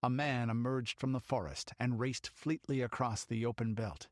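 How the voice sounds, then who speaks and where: A man's voice: mid-range voice, fairly even intonation, normal speed, no room sound, studio quality. A man reading an audiobook in dramatic storytelling narration. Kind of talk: scripted narration.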